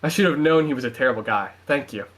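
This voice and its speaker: A man's voice: mid-range voice, quick pace, fairly bright tone, natural voice. A man voicing a worried young girl pleading with her brother.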